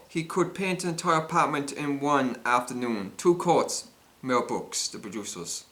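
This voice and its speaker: A man's voice: mid-range voice, normal speed, a bit bright. A man reading a string of jokes and quips aloud, often stumbling and restarting. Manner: stumbling, frequent restarts and self-corrections. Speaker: joke reader.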